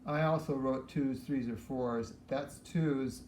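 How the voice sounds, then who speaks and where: A man teaching piano, explaining practice methods for scales in a relaxed way while he demonstrates. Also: mid-range voice, slow, a little hiss or hum. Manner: relaxed, explains while playing and counting aloud. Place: room with a piano. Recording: echoey room with piano playing.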